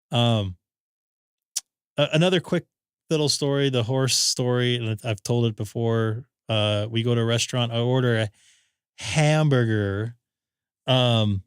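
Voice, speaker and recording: A man's voice: medium pitch, slow pace, pauses often, smooth, dry recording, studio quality. A man hosting a ham radio live stream, telling rambling stories in casual chat and acting out quotes. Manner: rambling anecdotes with acted-out quotes.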